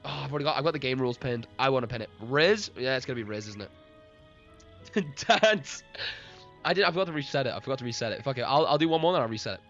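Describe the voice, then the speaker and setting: A man's voice: medium pitch, animated, racing, a bit bright. A man narrating a live-streamed tabletop game as game master, rambling, laughing often and talking to chat. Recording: lo-fi stream with faint music.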